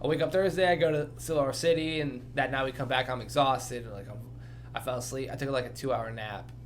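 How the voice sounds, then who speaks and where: A man's voice: medium pitch, fairly even intonation, a little fast, a little hiss or hum. A young man from Arkansas, co-hosting a podcast in casual chat, rambling and swearing as he tells stories. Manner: profane, rambling storyteller. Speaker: podcast co-host.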